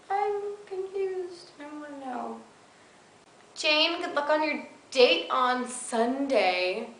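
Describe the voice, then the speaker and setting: A woman's voice: medium pitch, fairly bright tone. A young woman, a college student, chatting casually to her webcam in a dorm room, rambling with giggles and fillers. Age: young adult. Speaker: college vlogger. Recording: roomy echo, faint background noise.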